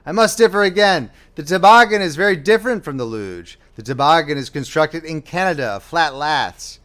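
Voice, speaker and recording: A man's voice: a little high, expressive, moderate pace, a bit bright. A man voicing a pompous, pedantic male Swiss official who insists on precise points.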